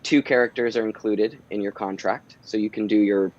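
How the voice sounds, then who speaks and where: A relaxed man with a lowish voice talks through his work in a loose, meandering way, full of ums and false starts. The sound is a bit muffled and dull, like a lo-fi remote call. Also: normal speed. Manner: relaxed, rambling, many "um"s and restarts. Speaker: voice actor guest. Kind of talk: casual interview chat. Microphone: home recording booth.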